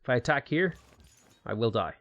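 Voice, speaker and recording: Lively man streaming a game. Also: mid-range voice, moderate pace, no room sound, dull audio. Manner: chatty, reads viewer questions, bursts of excitement. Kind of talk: live gameplay commentary.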